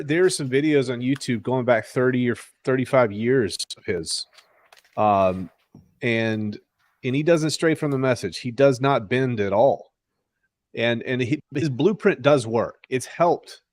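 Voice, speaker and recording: A man's voice: medium pitch, dry recording. A man hosting a casual podcast, talking candidly and animatedly with frequent restarts. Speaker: podcast host. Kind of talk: casual crypto podcast chat.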